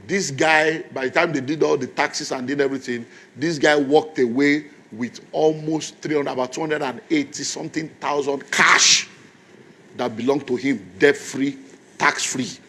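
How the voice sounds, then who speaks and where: A man's voice: mid-range voice, fairly bright tone. A man, a pastor telling a story in a sermon in an emphatic, conversational way.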